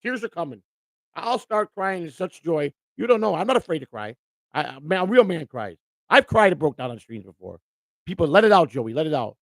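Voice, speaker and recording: Man, live-stream host, casual chat, emotional, stammering, slightly high voice, dry close mic. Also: very animated, a little fast, creaky, fairly bright tone, dry recording. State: overjoyed, near tears.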